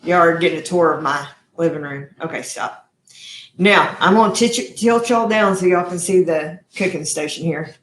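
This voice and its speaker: A woman's voice: lowish voice, normal speed, roomy sound, a little hiss or hum. A woman hosting a live cooking stream from her home kitchen, chatty and effusive, calling her viewers y'all. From Texas. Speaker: cooking show host.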